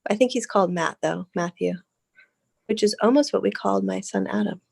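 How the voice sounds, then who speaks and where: A woman in her thirties in casual conversation, chatty and animated, laughing often and restarting her sentences. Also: medium pitch, a little fast, creaky, no room sound. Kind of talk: casual chat.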